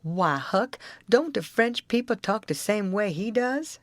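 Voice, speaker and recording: A woman's voice: medium pitch, lively intonation, unhurried, no echo, close to an everyday voice. A woman reading an audiobook, voicing a stubborn, argumentative grown man with an insistent folksy drawl.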